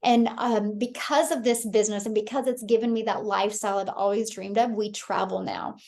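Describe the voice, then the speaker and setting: A woman's voice: mid-range voice, steady tone, a little fast, creaky, a little mellow. A woman in her thirties from Kansas hosting a live webinar, telling a story with enthusiasm and often addressing her audience as "you guys". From Kansas, USA. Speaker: host. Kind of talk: live webinar sales talk.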